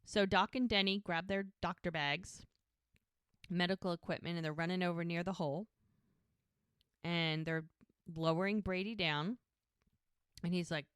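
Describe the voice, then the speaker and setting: Woman, podcast co-host, casual recap, smooth, lowish, dry sound. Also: moderate pace, a bit bright, no room sound. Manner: retells scenes by quoting characters.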